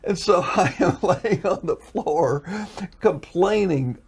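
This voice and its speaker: A man's voice: high voice, lively intonation, slow pace, creaky, slight background noise. A man telling a personal story as a guest, in an earnest, building way. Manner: earnest, building to emotional intensity. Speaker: minister telling a testimony.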